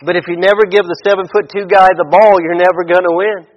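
A man's voice: high voice, level tone, quick pace. A man preaching a sermon in a conversational way, often restarting and repeating words. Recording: dull audio with long hall reverb.

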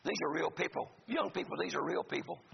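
A man preaching a sermon to a congregation, with folksy, joking asides. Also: a little high. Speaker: pastor. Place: church sanctuary. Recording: gravelly voice in a reverberant hall, dull lo-fi sound, faint noise.

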